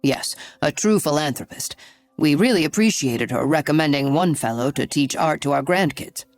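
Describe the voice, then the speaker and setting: A woman's voice: deep voice, lively intonation, normal speed, dry recording, soft background music. A woman reader voicing a chatty, sympathetic elderly man in an audiobook. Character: elderly wealthy man, kindly and talkative.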